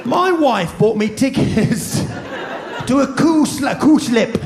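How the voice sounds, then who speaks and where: A man in his fifties with a New Zealand accent and a fairly high voice performs stand-up in front of a live crowd. He tells his stories with a lot of life and bursts into loud shouts for his impressions. The live recording carries a noisy audience in the background. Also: slow pace. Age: 50s. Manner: animated storytelling with shouted impressions. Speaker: stand-up comedian. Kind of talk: stand-up comedy set. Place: large venue with a live audience.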